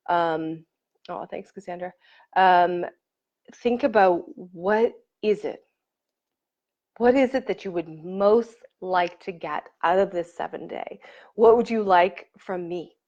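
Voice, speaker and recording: A woman coach leading a live online workshop, talking casually and warmly to viewers and greeting commenters by name. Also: fairly low pitch. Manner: warm and effusive, reads and greets commenters. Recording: slightly dull lo-fi stream audio.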